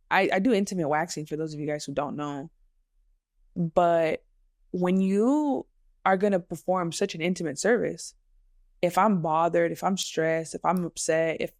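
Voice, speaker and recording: A woman's voice: lowish voice, gravelly, a little mellow, no echo, studio quality. A woman hosting a podcast, telling a personal story in an emotional, candid way and mixing in Spanish phrases. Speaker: podcast host. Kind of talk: casual personal podcast monologue.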